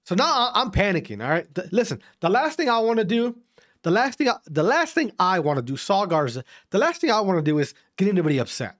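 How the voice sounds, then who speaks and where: A man from Wisconsin ranting to his audience in a casual, profane way. His voice sits high and swings widely as he repeats himself and restarts sentences. He sounds loose and unscripted, talking straight to his viewers. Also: quick pace. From Wisconsin, USA. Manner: profane, repetitive, animated ranting. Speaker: vlogger. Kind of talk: casual rant to camera.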